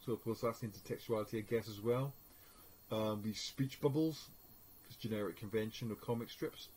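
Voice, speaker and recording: A man's voice: on the low side, darkish tone, slight background noise, rough recording. A man giving an informal media studies lesson, hesitating often with fillers. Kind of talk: recorded lecture.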